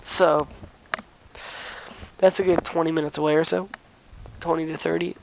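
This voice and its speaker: A man's voice: on the high side, level tone, moderate pace, vocal fry, background noise. A teenage boy vlogging, rambling through a story with lots of fillers and acted-out dialogue. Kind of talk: casual storytime.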